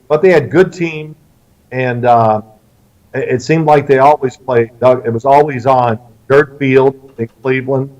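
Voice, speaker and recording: In this storytelling interview, the guest is a middle-aged Louisville, Kentucky man who animatedly recounts family stories, performing the quoted lines of the people involved. He speaks in a mid-range voice at a measured pace, picked up on a slightly distant, dull lo-fi recording.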